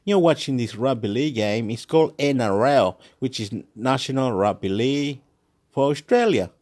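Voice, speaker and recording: A man from Chile, a native Spanish speaker living in Australia, rambles excitably and profanely in a monologue, repeating words and bursting into chants. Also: medium pitch, normal speed. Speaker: vlogger. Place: Wollongong, Australia.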